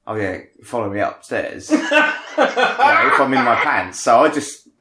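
A man's voice: mid-range voice, huge pitch swings, measured pace, bright, forceful tone, slight background noise. A man telling a rambling, self-mocking story to friends, swearing casually. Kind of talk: casual anecdote among friends. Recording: echoey room.

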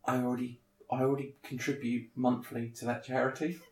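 A man telling a chatty anecdote to friends, animated and laughing at his own story. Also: medium pitch, brisk. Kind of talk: casual anecdote among friends. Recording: echoey room.

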